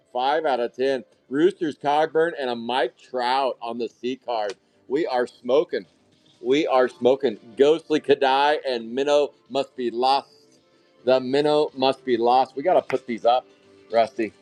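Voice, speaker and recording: Male card-break host, mid-pitched, excitable and profane, live-stream commentary, soft music bed. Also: unhurried. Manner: hype-driven, excitable calling of card pulls, casual swearing.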